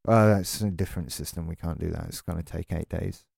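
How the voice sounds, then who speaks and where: A man mocking a bored, dismissive male customer service agent in a flat drone. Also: low-pitched, brisk, creaky, husky, no echo, studio quality, pitched below the performer's own voice, full character voice. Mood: bored droning.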